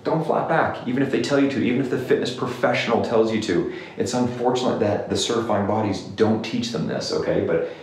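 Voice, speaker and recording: A man's voice: on the low side, brisk, a little mellow, recorded from a distance. A male clinician giving exercise advice in an emphatic rant to camera, repeating "okay?" often. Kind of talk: direct-to-camera rant video. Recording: very echoey room, somewhat off-mic with faint noise.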